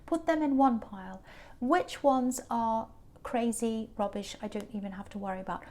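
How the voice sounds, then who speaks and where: A woman's voice: a little high, normal speed, warm tone. A woman reading tarot cards to camera as the channel's host, earnest and emphatic, often repeating words for stress. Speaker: tarot reader.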